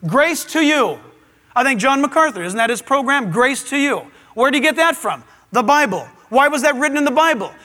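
High-voiced animated preacher man in a hall. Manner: animated preaching with playful asides to a live audience. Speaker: pastor. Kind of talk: sermon. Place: large auditorium.

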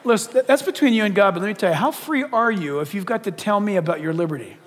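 Animated high-voiced pastor in a reverberant hall. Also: male voice, fast talker, some chatter behind. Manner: animated, joking, acts out quoted voices. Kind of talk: lively sermon. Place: church auditorium.

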